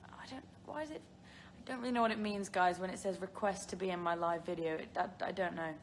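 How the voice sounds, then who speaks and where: A woman's voice: fairly low pitch, fast, slight background noise. British girl rambling on a phone live stream, giggly, chatty, lots of ums. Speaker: live-stream host answering viewer questions. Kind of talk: casual live-stream chat.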